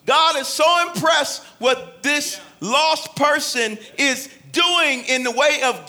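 High, bright-voiced preaching man. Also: slow, few pauses. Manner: preaching with dramatic voiced quotes, shifting loud and soft. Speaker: pastor. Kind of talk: sermon.

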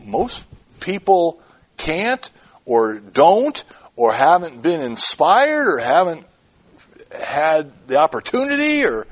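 Male preacher, a little high and husky, animated delivery that circles back on its own words. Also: highs cut off. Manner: animated, repeats and muses over words. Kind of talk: sermon. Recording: clip-on mic.

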